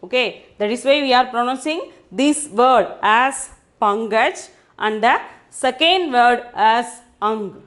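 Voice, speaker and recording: A woman Hindi teacher with a slightly high, a bit bright voice speaks animatedly and slowly. In an online language lesson, she patiently repeats each point and often checks that students understand.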